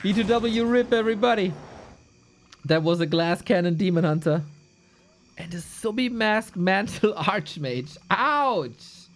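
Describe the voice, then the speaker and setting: An esports caster giving live commentary on a strategy game match, excitable and joking, thinking out loud between plays. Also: mid-range voice, measured pace.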